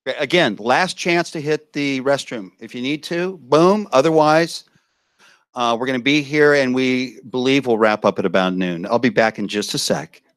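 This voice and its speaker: Male emcee, mid-range voice, peppy crowd warm-up on a handheld mic, dry sound. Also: mid-range voice, moderate pace, clear, resonant tone, dry recording. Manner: lively, coaxing the crowd to join in. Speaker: event emcee. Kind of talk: briefing a live audience. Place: conference room with a live audience.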